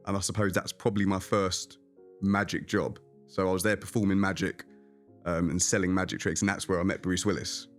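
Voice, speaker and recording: A man who is a magician, telling anecdotes in a casual interview, animated and chatty. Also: low voice, a little fast, faint music behind. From England. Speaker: magician guest.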